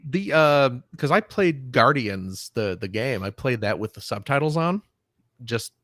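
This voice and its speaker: A man's voice: mid-range voice, sing-song, a little slow, a bit bright, dry recording. A man with a Midwestern American accent talks casually on a gaming podcast, winding through his points with lots of "you know" along the way. His voice is recorded close and dry. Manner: rambling, many fillers. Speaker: podcast co-host. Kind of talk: casual chat.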